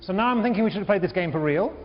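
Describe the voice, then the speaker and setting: Animated male lecturer in a big hall. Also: sits high, racing, noisy background. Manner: animated, repeats words, questions the class. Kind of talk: university lecture. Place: large lecture hall with balcony. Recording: echoey hall, dull lo-fi sound.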